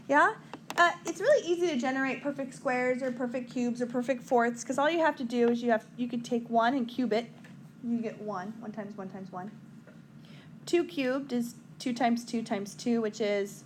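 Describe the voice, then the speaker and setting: A woman's voice: a little high, a bit bright, a little hiss or hum. A woman teaching a math lesson at a whiteboard in a chatty, joking way, talking to her students.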